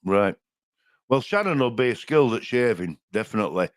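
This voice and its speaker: A man's voice: mid-range voice, expressive, normal speed, no room sound, clean studio sound. An older man with a Yorkshire accent, co-hosting a live stream in casual, homely chat and chuckling often. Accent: Yorkshire English. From Yorkshire, England. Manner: chatty, chuckling, homely, rambling. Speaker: livestream co-host.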